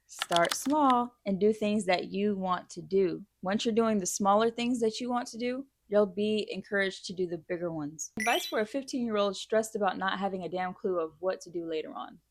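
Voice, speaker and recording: Woman, thirties, casual advice vlogger with a blunt, swear-happy delivery, mid-pitched, close and dry. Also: no room sound. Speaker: advice vlogger answering viewer questions.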